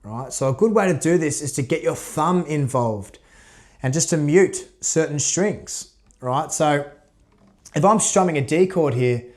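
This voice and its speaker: A man giving a casual guitar lesson, relaxed, counting beats aloud as he demonstrates. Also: a little high, a little slow. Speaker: guitar teacher. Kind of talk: casual instructional talk. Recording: loud guitar under voice. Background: guitar playing.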